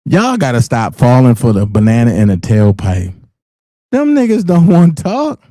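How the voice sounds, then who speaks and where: A man's voice: medium pitch, huge pitch swings, moderate pace, warm tone, dry recording, studio quality. A man hosting a live call-in stream, talking in a brash, taunting, profane way. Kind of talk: casual live call-in talk.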